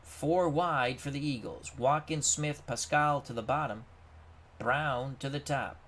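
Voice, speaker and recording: A man's voice: medium pitch, measured pace. Man calling a simulated football game. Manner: erupts into shouting at big plays; reads viewer chat aloud. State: out of breath. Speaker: play-by-play commentator of a simulated game. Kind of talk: game commentary with live chat reading.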